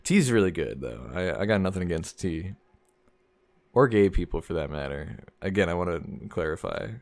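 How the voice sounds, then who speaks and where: A man's voice: sits low, expressive, normal speed, darkish tone. A young man streaming a game, chatting casually and rambling, often chuckling at his own jokes. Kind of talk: casual gameplay commentary.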